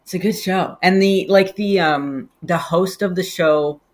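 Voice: mid-range voice, measured pace. A podcast co-host chatting casually, hesitant and full of "like" and "um". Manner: hesitant, lots of fillers and "like". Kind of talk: casual chat.

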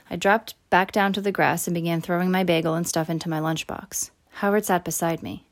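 A woman's voice: steady tone, a little fast. A woman reading a first-person children's novel aloud, lifting her voice for the characters' lines. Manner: voices characters with raised pitch and louder quotes. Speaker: audiobook narrator. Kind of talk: first-person storybook narration.

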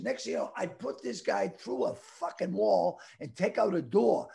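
A middle-aged man from the Boston area telling a rambling story with stammering restarts and animated voices. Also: high voice, normal speed, creaky. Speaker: comedian guest telling a story. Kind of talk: casual storytelling.

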